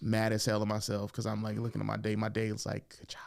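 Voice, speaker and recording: A young man on a podcast telling a story with lots of energy, jumping high for quoted lines and dropping to mutters for asides. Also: monotone, fast, creaky, a little mellow. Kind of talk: animated storytelling, acting out quotes.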